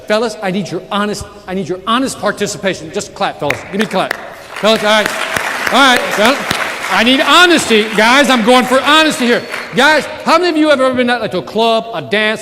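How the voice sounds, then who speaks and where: Animated high-energy man at a keynote. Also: a little hiss or hum. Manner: energetic, animated storytelling with audience call-outs. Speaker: keynote speaker. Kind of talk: motivational keynote speech. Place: large conference hall. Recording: echoey hall with live audience.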